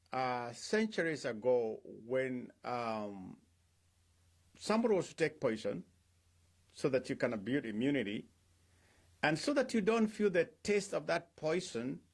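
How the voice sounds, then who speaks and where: A middle-aged male pastor giving an unhurried devotional talk, his fairly high voice swinging widely up and down. He keeps asking his listeners questions and slips into the voices of the people he quotes. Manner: rhetorical questions, acts out quoted speech.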